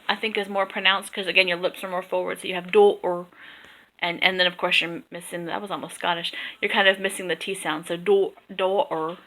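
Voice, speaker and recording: A woman's voice: mid-range voice, sharp tone, rough recording. A woman giving an informal class presentation on a dialect, chatty and full of ums and self-corrections. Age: adult with a young daughter.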